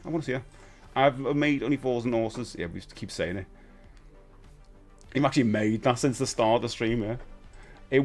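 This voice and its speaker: A British man in his forties hosting a casual live stream, animated, jumping between excited high bursts and low mutters. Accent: British English. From United Kingdom. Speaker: livestream host.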